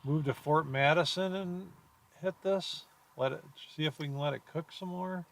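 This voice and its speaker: A man's voice: on the high side, normal speed, gravelly, a bit bright. A man chasing storms, chatting casually from inside a car, rambling and joking as he plays with place names. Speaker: storm chaser. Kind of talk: casual chat while driving.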